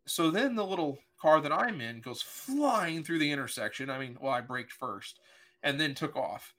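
A man's voice: fairly high pitch, lively intonation, a little slow, pauses often, pushed and bright. A middle-aged man, a pastor, telling a personal story in an earnest, emotional way during a podcast conversation. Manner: earnest, emotional, vivid retelling with voiced quotes.

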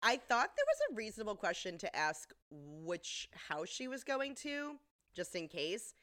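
A woman's voice: medium pitch, a little slow. A woman co-hosting a podcast, recapping a TV episode in casual chat with sarcastic, swearing asides. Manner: animated and sarcastic, swears, laughs often. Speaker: podcast co-host.

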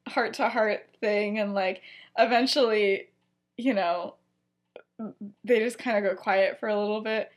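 A woman's voice: mid-range voice, fairly even intonation, unhurried, pauses often. A young woman co-hosting a podcast, casually retelling a story in a rambling, giggly way full of fillers. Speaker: podcast co-host.

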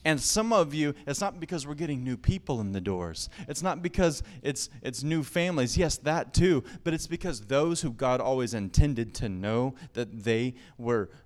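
A male pastor delivering a sermon at a middle pitch, his voice swelling and pushing forward on key lines. He preaches with emphatic, building energy, pressing each point home. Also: normal speed, hardly any pauses. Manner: emphatic, rising to excited exclamations.

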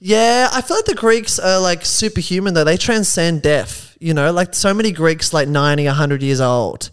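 A man, a comedian guest, telling rambling, animated stories in casual chat. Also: a little high, moderate pace, clean tone. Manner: rambling, animated anecdotes with filler "like".

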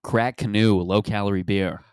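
A man's voice: lowish voice, fairly even intonation, normal speed, a little mellow, smooth, dry recording, clean studio sound. A man hosting a podcast, riffing crudely with lots of swearing and slipping into mock voices. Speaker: podcast host. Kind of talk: casual podcast banter.

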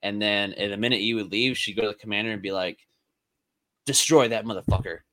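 A man co-hosting a casual veterans' chat, telling profane stories with animated quoted lines. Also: on the low side, quick pace. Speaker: podcast co-host.

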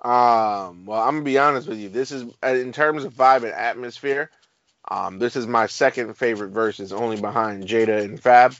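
A man's voice: mid-range voice, moderate pace, no room sound. New guy gabbing casually, lots of ums, dry dull-sounding mic. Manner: animated, laid-back slang, frequent fillers. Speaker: podcast co-host. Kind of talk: casual chat. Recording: dry, slightly dull recording.

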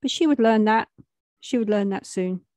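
A woman's voice: medium pitch, moderate pace, dark tone, dry recording. A young adult woman, telling a street story in a plain, matter-of-fact way with street slang.

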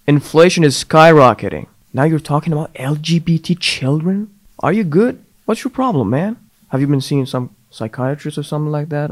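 A man hosting a podcast rants in heated, combative bursts, mocking as he goes. He speaks English as a second language, with a middle-range voice. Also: mid-range voice. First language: not English. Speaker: podcast host. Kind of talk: ranting podcast commentary.

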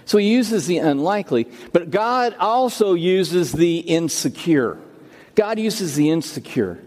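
Man preaching a sermon, senior pastor, somewhat high voice, repeats himself as he tells stories, long church reverb. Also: sing-song, a little slow, darkish tone. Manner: storytelling preacher, repeats phrases and restarts. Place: church sanctuary.

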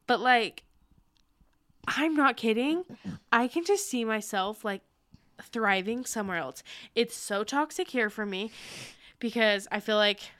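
Excitable young woman chatting on a call. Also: a little high, dry recording, clean studio sound. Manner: excitable, rambling, quick to laugh. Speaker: podcast co-host. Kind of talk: casual chat over a video call. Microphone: video call.

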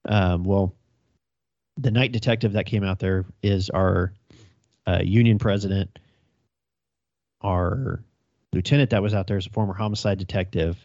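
Low-voiced cop telling a profane story. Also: male voice, steady tone, moderate pace, long pauses, a little mellow, dry recording, highs cut off. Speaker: police officer. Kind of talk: casual storytelling chat.

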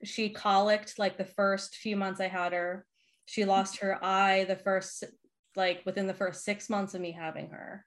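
A woman's voice: medium pitch, flat delivery, unhurried. A woman in her thirties from the Boston area talks in a loose, chatty way. She leans on "like" fillers and laughs often as she talks. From Boston area, Massachusetts. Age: 30s. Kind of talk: casual chat.

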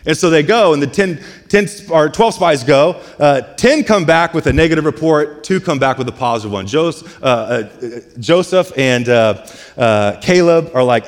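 A man's voice: on the high side, lively intonation, moderate pace. A man preaching a sermon as pastor, retelling scripture in a loose, conversational way full of "like" and "hey". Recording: long reverb of a large hall.

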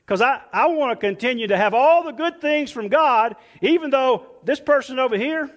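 A man, a pastor, preaching a sermon emphatically and dropping soft and low when quoting scripture. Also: expressive, moderate pace, big-room sound.

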